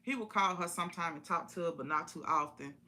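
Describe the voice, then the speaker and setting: A woman's voice: lowish voice, fast talker, bright, forceful tone. A woman telling a personal story in a casual, folksy way on a live stream, repeating phrases for emphasis.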